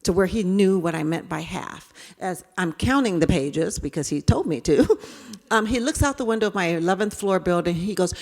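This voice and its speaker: A middle-aged woman giving an animated storytelling talk on bias to an audience. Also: on the low side, normal speed, in a large hall. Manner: animated, acts out quotes. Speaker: speaker on implicit bias.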